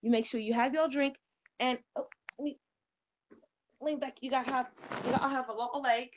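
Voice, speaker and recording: A woman's voice: sits high, steady tone, brisk, crowd noise, close to an everyday voice. Lady Elegance, a woman putting on a sultry lady voice. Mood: sultry, languid. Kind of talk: livestream banter.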